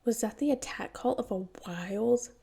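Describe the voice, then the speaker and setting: Give me a friendly, teasing country father, a grown man who jokes theatrically with his little son, as a woman reading a story aloud voices him, with a gravelly, mellow tone and a rough edge to the words. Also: fairly high pitch, normal speed. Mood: cheerful. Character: cheerful playful male rural dad.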